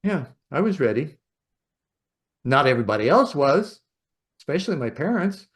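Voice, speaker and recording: A man hosting a podcast, telling a personal story in a rambling, reflective way with soft laughs. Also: fairly high pitch, very animated, normal speed, husky. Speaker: podcast host. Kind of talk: reflective storytelling in casual conversation.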